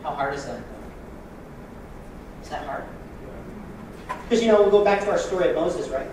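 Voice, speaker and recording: A man preaching a sermon as pastor, joking and lively with sudden loud bursts. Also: fairly high pitch, normal speed, heavy reverb, far from the mic, slight background noise, poor audio.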